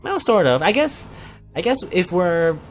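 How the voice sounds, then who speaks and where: A man's voice: sits high, big pitch swings, a little slow, soft background music. A man hosting a let's play, reading a visual novel aloud and rambling through his thoughts with many fillers and asides. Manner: puts on a mock posh British voice for quips.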